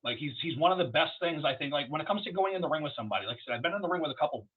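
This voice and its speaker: Brief: rapid, husky male storyteller, crude and rambling, on dull lo-fi audio. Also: a little high. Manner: profane, rambling, animated storyteller. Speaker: wrestler guest. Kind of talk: casual storytelling interview.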